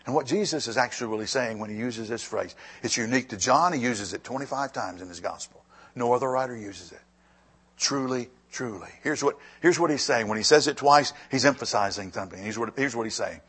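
Husky-voiced preacher man. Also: medium pitch, brisk. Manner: preaching with sudden loud rises and quiet drops. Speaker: pastor. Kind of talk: sermon.

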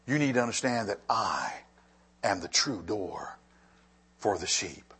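A man preaching a sermon to a congregation, swinging between quiet stretches and loud, fervent rises. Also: on the low side, sing-song, a little slow, breathy edge. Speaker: pastor.

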